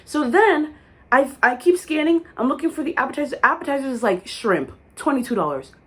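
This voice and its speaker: Animated young woman telling a storytime. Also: sits high, a little fast. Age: young adult. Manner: animated, dramatic storytelling with many likes. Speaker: vlogger. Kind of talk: casual storytime vlog.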